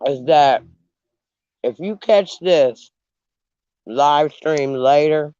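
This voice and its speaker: A man hosting a casual livestream, talking slowly with long pauses and eating as he speaks. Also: on the high side, warm tone, smooth, dry recording, lo-fi sound. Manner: unhurried, pausing, eating while talking. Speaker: channel host. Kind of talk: slow casual livestream chat.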